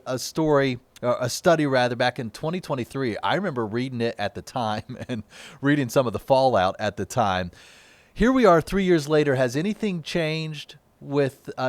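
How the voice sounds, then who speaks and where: A man's voice: medium pitch, no room sound. A man anchoring a TV news interview in a studio, chatty and jokey as he asks his questions. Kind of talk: broadcast interview.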